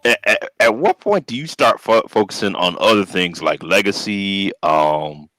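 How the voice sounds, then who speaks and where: Low, bright-toned man in his thirties. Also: expressive, normal speed, no room sound. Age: 30s. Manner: thoughtful, hesitant. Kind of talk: casual chat.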